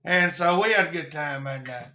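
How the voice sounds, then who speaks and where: A man's voice: a little high, moderate pace, pushed and bright. A man from Alabama with a Southern accent, hosting a casual live stream about preparedness in a folksy, rambling way.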